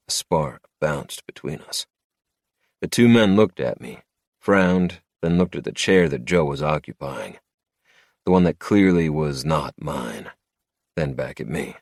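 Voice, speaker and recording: A man narrating a first-person romantic suspense audiobook in a low, measured delivery. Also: no room sound, clean studio sound.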